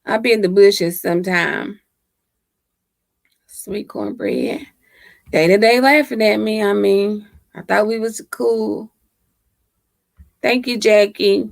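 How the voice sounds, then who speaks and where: Slow, creaky-voiced woman livestreaming. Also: medium pitch, fairly even intonation, no echo, clean studio sound. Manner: laughs often, chatty and teasing. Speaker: livestream host. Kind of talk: casual live chat with viewers. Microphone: laptop microphone.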